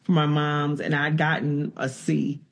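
Expressive woman host, casual chat. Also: low-pitched, a little slow. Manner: casual, expressive, laughs easily. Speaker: interview host. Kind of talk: conversational interview.

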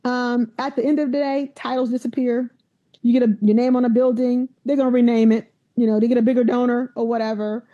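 A university president in conversation, a woman whose voice sits a little high yet sounds mellow and warm. She tells her stories with animation and slips into the voices of the people she quotes. The recording is somewhat dull and lo-fi. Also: little pitch movement, a little fast. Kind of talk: conversational interview storytelling.

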